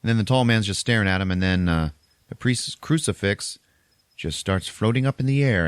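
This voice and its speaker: A male podcast host with a deep, low voice tells the plot of a movie casually. His delivery is animated and full of laughter, and his pitch swings widely. The sound is close and dry. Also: fairly quick, no echo. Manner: animated retelling, laughs often.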